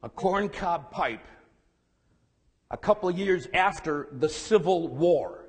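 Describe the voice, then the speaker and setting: A man voicing his gruff 98-year-old grandfather, blunt and folksy, who talks in cliches, in a room with long reverb. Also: fairly high pitch, lively intonation, slow pace, heavily acted. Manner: speaks in cliches and homespun sayings.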